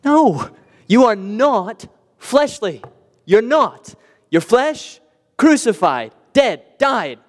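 A man's voice: very high-pitched, sing-song, drawn-out words, in a large hall. A man preaching a sermon earnestly, with vivid imagery and rhetorical repetition. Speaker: pastor.

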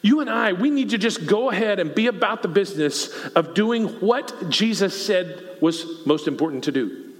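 A pastor with a Texan accent preaches a sermon to his church in a high-pitched, animated voice at normal speed. He talks conversationally and puts questions to the congregation, and the church hall adds a long reverb.

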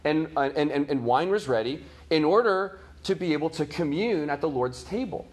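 A man's voice: fairly high pitch, lively intonation, normal speed, husky. A man teaching a catechism class, talking casually to his students with many fillers, restarts and "right?" check-ins. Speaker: Bible teacher.

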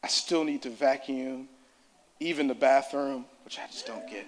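A man's voice: medium pitch, moderate pace. A man preaching a sermon in a church service, impassioned and repetitive.

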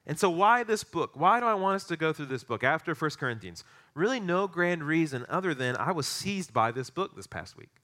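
A middle-aged man preaching a sermon, telling a story with animated, excitable energy. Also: fairly high pitch, brisk. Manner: storytelling, animated, rising to excited peaks in anecdotes. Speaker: pastor.

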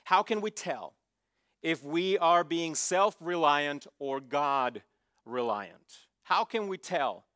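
A man's voice: on the high side, lively intonation, slow pace, fairly bright tone, dry recording, studio quality. A man preaching a sermon with emphasis, posing questions for the listeners to answer. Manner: emphatic, asks the congregation to fill in words. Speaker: pastor.

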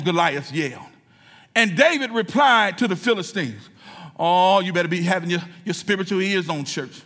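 A man preaching a sermon in a church, building from storytelling to shouted, fervent preaching. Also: high-pitched, lively intonation, normal speed.

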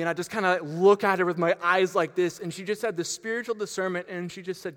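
Animated preaching man, echoey gym. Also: sits high, fast talker, hardly any pauses. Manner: animated, with frequent fillers and restarts. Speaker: pastor. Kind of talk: storytelling sermon. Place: church gym. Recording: long hall reverb.

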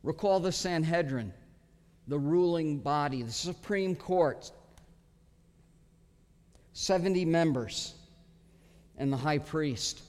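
A pastor giving an expository sermon, earnest and emphatic, pausing often as he teaches. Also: a little high, darkish tone. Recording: long hall reverb.

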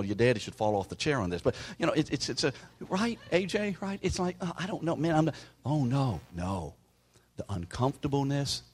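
A male pastor preaches to his congregation with a low, husky voice. He talks to them conversationally and calls out listeners by name. At times he sinks into a hushed whisper to drive a point home. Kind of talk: sermon.

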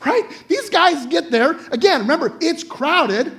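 Animated young male preacher, high and lively. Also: a little slow, gravelly. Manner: animated, chatty, asks the audience "right?" often. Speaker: guest preacher. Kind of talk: sermon.

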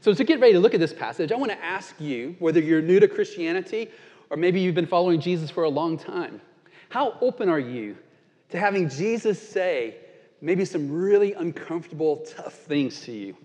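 A man's voice: high-pitched, animated, normal speed, darkish tone, big-room sound, highs cut off. A male pastor giving a sermon, telling a story in an earnest, conversational way.

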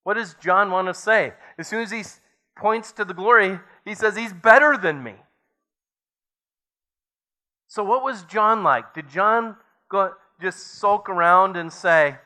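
A man's voice: high voice, a little slow, pushed and bright. A man preaching a sermon as pastor, reading scripture aloud and building to emphatic points.

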